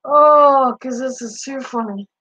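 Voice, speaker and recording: A woman's voice: sits high, unhurried, bright, forceful tone, highs cut off. A woman streamer in casual live-stream chat, profane and teasing, laughing often as she talks back to viewers.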